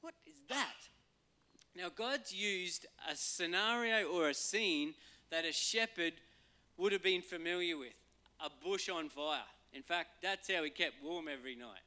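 Aussie pastor guy chatting thru a sermon, kinda high bright voice. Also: measured pace. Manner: conversational, acts out voices and quotes for humor.

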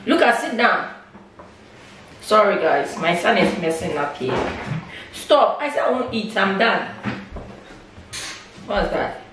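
A woman's voice: medium pitch, animated, takes it slowly, pauses often, fairly bright tone, recorded from a distance. Woman, from Ghana, exasperated scolding, casual mukbang chat, echoey noisy room. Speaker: vlogger.

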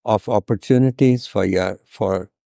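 An older man from India giving a talk, telling a personal story in a slow, deliberate way and voicing the people in it. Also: lowish voice, vocal fry, dark tone, no room sound, studio quality. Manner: slow, deliberate, acts out quoted dialogue.

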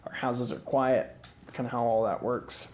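The gaming host narrates his let's-play at a normal speed in a mid-range voice, with faint game music and slight background noise in the mix. Sleepy and yawning, he rambles easily, often using fillers and starting over.

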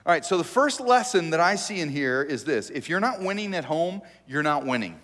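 A man preaching as a pastor, telling the story in a joking, animated, conversational way. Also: fairly high pitch, a little fast, in a large hall. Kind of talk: conversational sermon. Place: church sanctuary.

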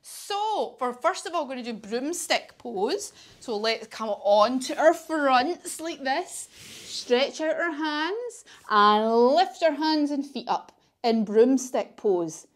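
A woman's voice: high voice, lively intonation, slow pace. A woman with a British accent leading a children's yoga class, telling a story in an encouraging, sing-song way. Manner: encouraging, sing-song, coaxing kids along.

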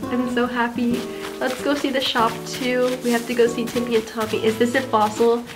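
A high-pitched woman chatters her way through a video game in a casual, wide-eyed tone. She is easily delighted, with quick gasps and giggles between lines. Faint game music plays softly behind her voice. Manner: excitable, gasping and giggling in delight. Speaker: game streamer. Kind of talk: casual gameplay commentary.

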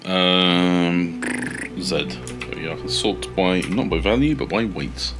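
A man casually commentating his video game play, swearing often and yelling at in-game companions. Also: low voice, takes it slowly, over music. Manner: swears a lot, shouts at teammates. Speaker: gaming streamer.

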